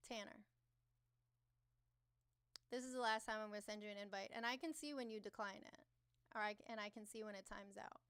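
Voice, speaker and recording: A woman's voice: mid-range voice, fairly even intonation, brisk, long pauses, a bit bright, clear, resonant tone. A woman hosting a casual livestream, chatting and teasing her viewers, answering chat aloud and swearing casually. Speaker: livestream host.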